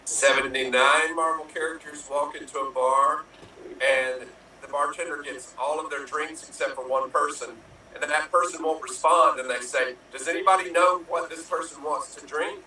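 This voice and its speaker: Playful guy cracking improv jokes, super bright voice, far from the mic in an echoey room. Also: fairly high pitch, fairly even intonation, moderate pace, slight background noise. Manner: playful, laughs at own jokes, acts out punchlines. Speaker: improv player. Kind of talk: telling quick improv jokes. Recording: roomy echo from far off.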